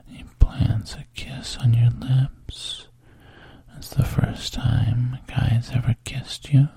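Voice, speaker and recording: A man narrating a whispered role-play in the second person, soft and intimate. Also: mid-range voice, little pitch movement, takes it slowly, creaky, breathy edge, no room sound.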